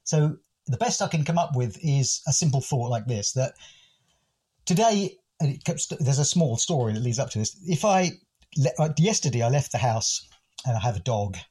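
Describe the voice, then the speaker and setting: Wry, thoughtful English gentleman. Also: medium pitch, expressive, normal speed, slightly rough. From United Kingdom. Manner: thoughtful, wry, self-deprecating with frequent restarts and chuckles. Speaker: guest, educator and comedic speaker. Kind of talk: reflective conversational storytelling.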